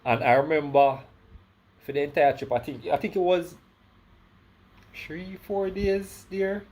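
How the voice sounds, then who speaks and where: A man's voice: fairly high pitch, flat delivery, unhurried, darkish tone. A Jamaican man with a slight lisp tells a personal story in a casual vlog. He rambles, corrects himself and keeps adding "right?". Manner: rambling, self-correcting, many "right?" tags. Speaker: vlogger.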